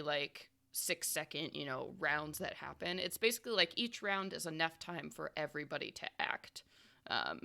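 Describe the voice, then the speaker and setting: A woman's voice: fairly low pitch, vocal fry, bright, forceful tone. A woman narrating and explaining rules as game master of a tabletop horror game, in a chatty, explanatory way with many fillers.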